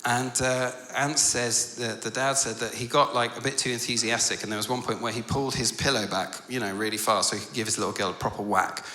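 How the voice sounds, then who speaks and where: A man preaching at a conference, earnest, growing animated as he tells stories. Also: medium pitch. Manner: earnest, turns animated and loud when telling stories. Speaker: conference speaker. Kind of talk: storytelling sermon. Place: large conference hall. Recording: echoey conference hall.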